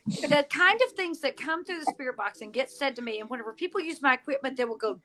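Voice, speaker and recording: A woman's voice: high-pitched, expressive, brisk, bright, forceful tone. A woman, a paranormal investigator, chatting playfully in a casual podcast conversation.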